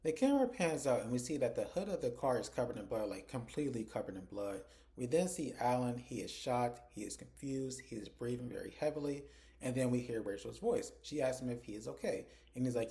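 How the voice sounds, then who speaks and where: Male reviewer with a warm, mellow voice at a mid pitch. He gives a chatty, conversational episode recap and acts out the characters' dialogue. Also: animated, brisk. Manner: retells scenes conversationally, acting out characters' lines. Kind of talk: casual spoken episode recap.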